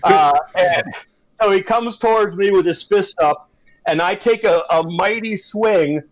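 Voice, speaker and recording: A young man from Wisconsin telling a story about a street fight to friends, in a measured, deliberate way. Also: sits high, poor audio. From Madison, Wisconsin. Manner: measured, deliberate build-up with hesitations. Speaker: tabletop game player. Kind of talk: casual storytelling among friends.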